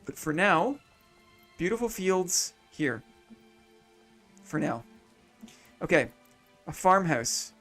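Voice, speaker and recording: A man's voice: high-pitched, big pitch swings, slow pace, long pauses, fairly bright tone, soft background music. A man streaming a city-building game, thinking aloud in casual commentary, repeating his own phrases and chatting to viewers between moves.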